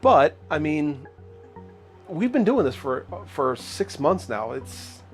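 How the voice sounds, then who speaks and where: A man's voice: a little high, big pitch swings, takes it slowly, faint music behind. A man hosting a casual chat show who talks in an easygoing way, often giving short agreeing replies. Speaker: host. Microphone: lapel mic.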